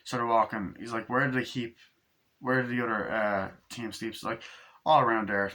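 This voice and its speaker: A man's voice: mid-range voice, steady tone, normal speed, sharp tone. A man giving a casual, profane movie review, rambling through scenes and acting out quoted lines in passing.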